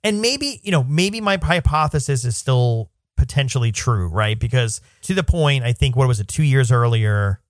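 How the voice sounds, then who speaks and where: A man's voice: medium pitch, expressive, moderate pace, hardly any pauses, no room sound, studio quality. A man who is a parent, co-hosting a casual movie podcast and musing in a thoughtful, rambling way. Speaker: podcast co-host.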